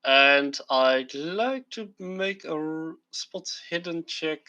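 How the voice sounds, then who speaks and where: A man's voice: a little high, expressive, slow pace, noisy background. A man playing a tabletop game, speaking in a polite, somewhat formal way. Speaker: player.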